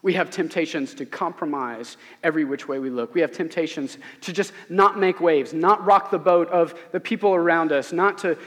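High-voiced earnest preacher in a reverberant hall. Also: male voice, moderate pace, few pauses, fairly bright tone. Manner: earnest, emphatic, asks rhetorical questions. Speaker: pastor. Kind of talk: sermon. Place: church sanctuary.

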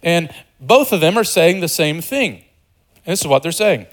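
A pastor preaching a sermon in an animated, conversational way, joking with the congregation and dropping to a hushed voice for quieter passages. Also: male voice, on the high side, moderate pace. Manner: animated, swings between loud emphasis and hushed, softer passages.

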